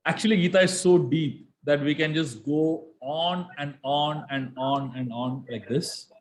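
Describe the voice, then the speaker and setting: A man giving a spiritual lecture on scripture, speaking emphatically and slowing down to chant verses. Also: a little high. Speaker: spiritual teacher.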